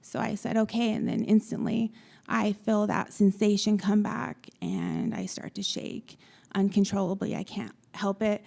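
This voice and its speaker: Casual young woman on a panel, mid pitch, lots of um's, retelling what people said to her. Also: fairly even intonation, vocal fry, dark tone. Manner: halting, many ums, retells dialogue. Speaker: melanoma patient on a panel. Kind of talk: personal story told to an audience.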